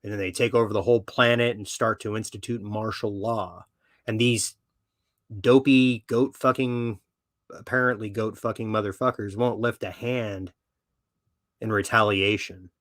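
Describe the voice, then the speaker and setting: Male podcast host, lower register, brash and profane, dry close sound. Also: steady tone, normal speed, fairly bright tone, dry recording. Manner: blunt, swaggering, heavy swearing. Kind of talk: profane opinionated monologue.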